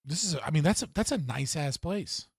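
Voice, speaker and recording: Young male livestream host, slightly high voice, dead-dry close mic, rambling, sweary, laughs a lot. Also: expressive, a little fast, slightly rough, no echo. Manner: rambling, profane, laughs often, restarts a lot. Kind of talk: casual livestream chat.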